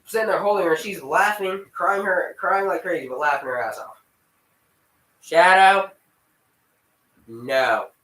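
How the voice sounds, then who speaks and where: A man's voice: on the high side, normal speed, sharp tone, far from the mic. A young man telling a rambling personal story in casual vlog style, swearing freely and breaking off to scold his dog. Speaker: vlogger. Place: room at home with dogs. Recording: echoey room.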